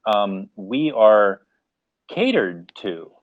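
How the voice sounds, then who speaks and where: American guy on a crypto panel, lowish voice, sounds like a phone call, dry. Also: slow pace, no echo. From United States. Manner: animated, acts out mock scenarios, laughs. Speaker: AMA panelist. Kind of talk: casual live audio discussion. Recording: tinny phone-like line, dry.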